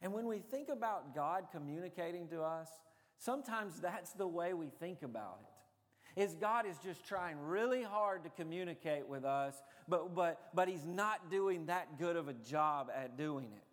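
Pastor with a reverberant church sound. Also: male voice, a little high, expressive, a little slow. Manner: conversational storytelling with frequent 'uh' fillers. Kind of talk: sermon.

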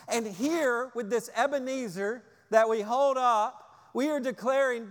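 A man's voice: very high voice, a little slow, few pauses, in a large hall. A man preaching a sermon, emphatic and repeating key phrases for stress. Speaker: pastor.

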